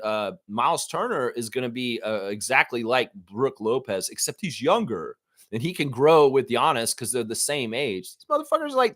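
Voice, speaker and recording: A man hosting a live sports fan stream who rants about basketball in an animated, profane way. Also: mid-range voice, no room sound, clean studio sound.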